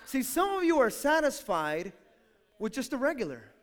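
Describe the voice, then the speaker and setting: A male pastor preaching a lively sermon, acting out quotes and swinging from hushed asides to shouted calls. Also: extremely high pitch, moderate pace.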